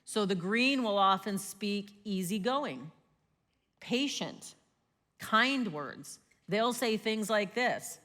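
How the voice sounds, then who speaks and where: A woman in her forties teaching a group session, lively and often checking in with "right?". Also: mid-range voice, slow pace, in a large hall.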